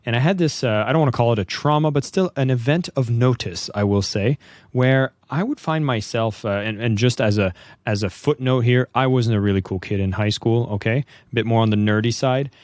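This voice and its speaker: A male podcast host with a mid-range voice who tells a story thoughtfully and pauses to find his words. The recording is close and dry. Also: mid-range voice, a little mellow, dry recording. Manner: thoughtful, searches for words with fillers. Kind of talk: conversational interview.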